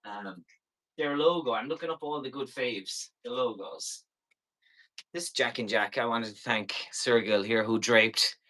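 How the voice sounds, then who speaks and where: A man's voice: medium pitch, measured pace, pushed and bright. A man hosting a live selling stream, chatty and playful as he rambles through each item. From Ireland.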